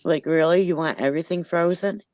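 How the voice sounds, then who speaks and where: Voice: mid-range voice, a little fast, a little mellow, no echo. A guest chatting casually who laughs often and agrees along with the host. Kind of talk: casual chat. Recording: distant voice over crowd noise.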